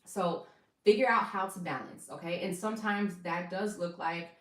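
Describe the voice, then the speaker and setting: A woman's voice: fairly low pitch, normal speed, echoey room, recorded from a distance, poor audio. A young adult woman giving casual wellness advice to her viewers in a chatty, rambling way, calling them y'all. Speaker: wellness vlogger.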